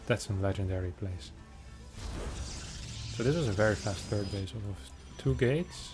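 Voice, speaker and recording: Male esports caster with a lowish voice, casual and joking, quick reactions, soft music underneath. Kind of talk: casual game commentary.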